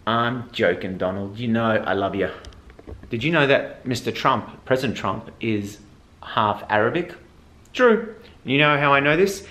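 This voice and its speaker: A man's voice: mid-range voice, animated, measured pace, fairly bright tone. A man chatting in a casual comedic vlog, joking and rambling playfully. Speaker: vlogger. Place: Dubai.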